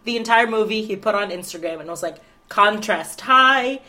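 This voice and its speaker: A woman's voice: mid-range voice, fast talker, fairly bright tone. A young woman co-hosting a podcast, teasing playfully and laughing often in casual chat. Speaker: podcast co-host.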